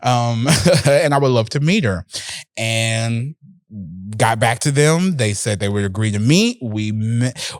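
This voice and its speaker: A male podcast host telling a personal story in a casual, animated way, swearing freely and laughing often. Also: medium pitch, slow, dry recording, clean studio sound.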